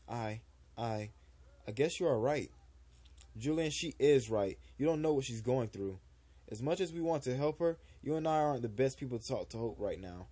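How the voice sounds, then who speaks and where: A man's voice: mid-range voice, animated, moderate pace, warm tone, slightly rough. A young man streaming a story game, reading the characters' dialogue aloud and chatting casually between lines, with small stumbles. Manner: casual, slightly stumbling read-aloud delivery.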